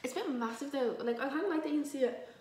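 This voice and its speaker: A woman's voice: high-pitched, rapid-fire, a little mellow, distant mic. A young woman with a light Dublin Irish accent talks casually and rambles while she cooks, swearing freely and poking fun at herself. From Ireland, Dublin. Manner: chatty, rambling, self-mocking, swears freely. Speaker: vlogger. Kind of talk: casual chatty vlog while cooking. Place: home kitchen, indoors. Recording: echoey kitchen, voice a little off-mic.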